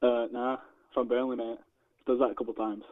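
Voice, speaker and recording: A man's voice: mid-range voice, little pitch movement, brisk. Taunting male caller on a phone line. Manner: mumbling, taunting. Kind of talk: prank phone call.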